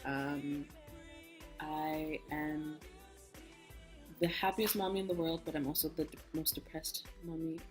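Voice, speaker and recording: A young woman with a lowish voice shares a personal story in a frank, lively way, slipping into the voices of the people in it. Soft music plays quietly under her. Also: unhurried, long pauses. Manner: candid, animated storytelling, acts out quoted speech. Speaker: vlogger. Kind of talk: casual storytime chat. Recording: soft music bed behind.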